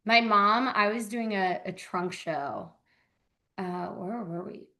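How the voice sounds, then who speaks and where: A woman's voice: medium pitch, animated, takes it slowly, bright, forceful tone. A woman telling stories in a casual chat, acting out quoted people and saying "like" a lot, as an indie yarn dyer. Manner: chatty storyteller, acts out quoted voices, lots of "like".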